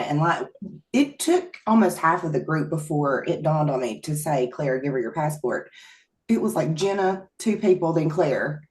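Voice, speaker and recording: A woman's voice: low voice, normal speed, echoey room. A woman with an Appalachian accent, chatting animatedly as a podcast co-host and telling stories with easy laughter. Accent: Appalachian American. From Appalachia, USA. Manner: animated storyteller, laughs easily. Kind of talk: casual chat.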